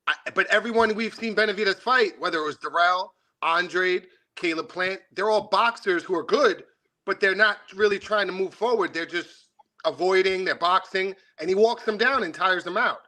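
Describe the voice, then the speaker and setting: A man calling in to a boxing stream, breaking down fighters in relaxed slang. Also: sits high, moderate pace. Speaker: caller. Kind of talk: casual call-in chat.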